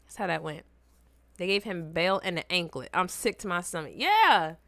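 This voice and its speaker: A young woman, chatting casually as she reacts to a video and her chat, teasing and swinging between loud outbursts and low mutters. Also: animated, moderate pace, dry recording.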